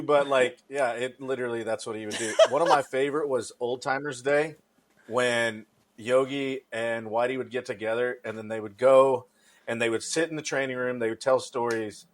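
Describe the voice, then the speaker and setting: A male co-host from Nebraska with a mid-range voice. He rambles through his memories with plenty of enthusiasm and a lot of "like.". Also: medium pitch. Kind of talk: casual sports talk.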